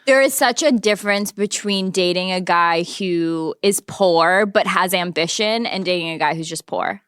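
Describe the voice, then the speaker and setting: A woman's voice: lowish voice, normal speed, a bit bright, smooth, no echo, studio quality. A young woman co-hosting a podcast in casual chat, playful and teasing, breaking into laughs. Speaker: podcast co-host.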